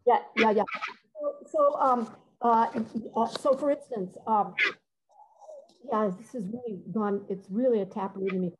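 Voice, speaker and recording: A middle-aged woman composer giving a conversational talk, halting and searching for words, sometimes singing short phrases to demonstrate. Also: a little high, slight background noise, poor audio. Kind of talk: conversational talk with many fillers and restarts.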